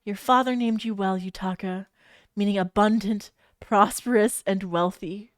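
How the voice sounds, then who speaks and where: A woman voicing a weak, grieving young mother in a fanfiction reading, speaking in a hushed voice. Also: medium pitch, steady tone, measured pace, no echo, studio quality, close to an everyday voice. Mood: tender hushed.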